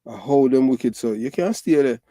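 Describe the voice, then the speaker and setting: A man's voice: mid-range voice, animated, normal speed, mellow, no room sound, clean studio sound. A middle-aged man from Jamaica with a Jamaican Patois accent, giving emphatic, repetitive commentary full of fillers. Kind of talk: casual ranting commentary.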